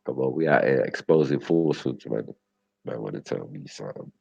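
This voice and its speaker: A young man with a very deep, gravelly voice and a husky edge, riffing with his live chat in loose street slang. His pitch swings widely as he jokes around, and he laughs often. The stream audio sounds dull and lo-fi. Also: lively intonation, a little fast, dark tone, no room sound. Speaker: livestream host.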